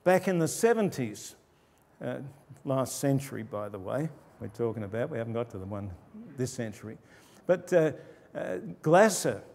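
Older male pastor, mellow tone, relaxed conversational sermon with quiet asides, long church reverb. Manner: conversational preaching, lowering his voice for quoted asides.

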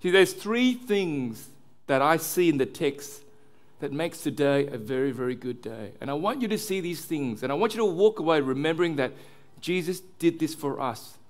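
A man's voice: animated, moderate pace. Earnest male pastor preaching. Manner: earnest preaching, drops low and soft on key words. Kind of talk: sermon.

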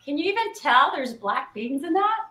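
A woman's voice: sits high, very animated, normal speed, pushed and bright, echoey room. A woman co-hosting a casual live show as the cooking host, upbeat and enthusiastic.

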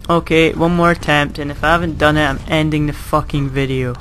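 A man's voice: a little high, flat delivery, a little fast, few pauses, fairly bright tone, a little hiss or hum. Sarcastic young man commentating a game. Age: young adult. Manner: self-mocking, sarcastic, swears when frustrated. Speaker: gaming commentator. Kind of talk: casual gameplay commentary.

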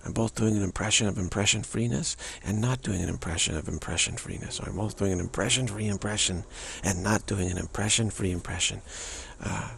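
A man's voice: on the low side, brisk, creaky, few pauses, fairly bright tone, a little hiss or hum. A man giving a rambling spiritual talk in a casual, musing way, often repeating himself and stumbling over tongue-twisting phrases. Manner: casual and musing, many fillers. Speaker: spiritual teacher.

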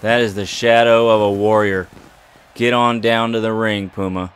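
A man's voice: fairly low pitch, steady tone, moderate pace, smooth. A man giving playful, jokey commentary over a wrestling video game and talking back to its characters. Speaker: gaming YouTuber. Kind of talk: casual gameplay commentary.

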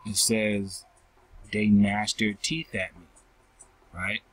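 A man's voice: fairly low pitch, flat delivery, slightly rough, dry recording, rough recording. A man reading and explaining scripture verses, checking in with his listeners by asking "right?" after nearly every phrase. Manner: ends almost every phrase with a questioning "right?"; slow, repetitive, addresses listeners as family. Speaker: scripture teacher.

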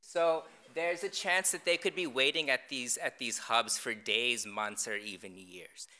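A man presenting his design work in a public lecture, speaking in a deadpan, wry way with frequent ums and restarts. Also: medium pitch, unhurried.

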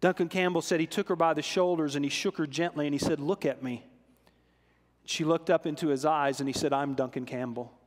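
A man preaching a sermon, telling stories with animated swings between loud emphasis and soft, solemn lows. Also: brisk. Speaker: pastor. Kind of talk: sermon storytelling. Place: church sanctuary. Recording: long hall reverb in a church.

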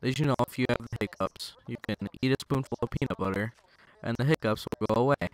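A man's voice: lowish voice, a little fast. Rambling young man doing gameplay commentary. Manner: rambling, joking, swearing, talking to enemies. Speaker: gaming channel host. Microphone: gaming headset.

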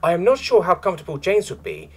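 A man voicing a timid robot mechanic with a flat, mechanical tone and a nervous, literal manner. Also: sits high, quick pace, soft background music, voice pushed up, exaggerated voice. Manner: nervous, hesitant, literal-minded.

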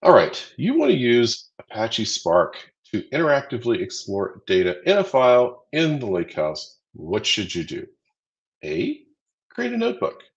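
Running a quiz on a livestream, this co-host counts down votes and explains answers in a cheerful, talkative teaching style. His medium-pitched voice swoops wildly at a normal speed, and the recording is muffled.

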